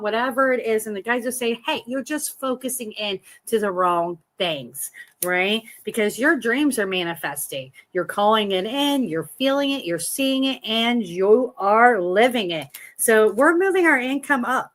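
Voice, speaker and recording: A woman's voice: a little high, animated, normal speed. A woman hosting a live tarot reading from home, talking in a chatty, encouraging and reassuring way. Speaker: tarot reader.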